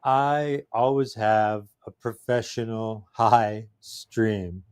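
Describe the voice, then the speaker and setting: A man co-hosting a comedy stream, delivering a one-liner in a dry, deadpan way. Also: lowish voice, clean tone, dry recording. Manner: dry, unhurried joke delivery. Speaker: comedian co-host.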